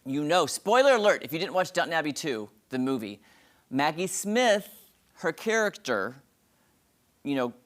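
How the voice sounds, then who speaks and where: A man hosting an entertainment review segment on a morning TV show, talking in a gushing, dramatic, excited way. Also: a little high, moderate pace.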